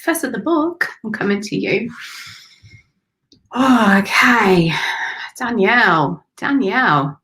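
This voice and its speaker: A woman doing live spiritual readings for viewers, speaking softly and affectionately, with sighs and drifts into whispers. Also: fairly high pitch, very animated, normal speed, hardly any pauses, rough recording. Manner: emotional, breathy sighs and gushing warmth. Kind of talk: live-streamed channelled readings.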